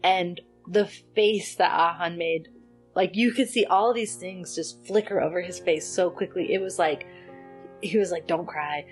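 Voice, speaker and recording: A woman's voice: fairly low pitch, a little slow, soft background music. A woman co-hosting a podcast, chatting casually as she retells a film and acts out its characters' lines. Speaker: podcast co-host. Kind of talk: casual chat recapping a film.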